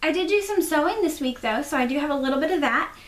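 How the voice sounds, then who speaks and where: Chatty high-voiced woman. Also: lively intonation, fast. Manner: chatty, self-deprecating, rambling asides. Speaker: podcast host. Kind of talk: casual crafting video chat. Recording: echoey room.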